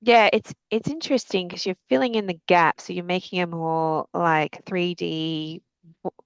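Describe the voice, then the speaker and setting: Low creaky-voiced woman author, dry sound. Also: fairly even intonation, normal speed, no room sound, rough recording. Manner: hesitant, many fillers like "like" and "um". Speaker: author guest. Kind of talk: casual faith conversation.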